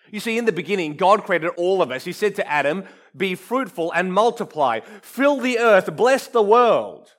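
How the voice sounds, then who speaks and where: Earnest high-voiced male preacher. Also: big pitch swings, normal speed. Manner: earnest, emphatic preaching with dramatic drops to a hush. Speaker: pastor. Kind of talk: sermon.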